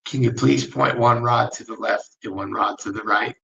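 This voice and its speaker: A man running a ghost-hunting session with dowsing rods, making slow, polite requests with long pauses and turning soft-spoken when emotional. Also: medium pitch, steady tone, vocal fry, dull audio. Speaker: ghost hunter. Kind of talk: dowsing-rod spirit session.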